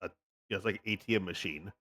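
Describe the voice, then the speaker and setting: A man's voice: low-pitched, racing, a bit bright, slightly rough. A man chatting casually with friends, telling dry anecdotes as a game player. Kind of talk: casual group chat.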